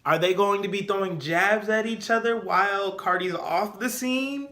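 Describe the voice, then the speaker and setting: Opinionated man with a bright voice. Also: sits high, moderate pace. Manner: opinionated, animated, repeats points for emphasis. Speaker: podcast host. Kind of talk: casual solo podcast commentary.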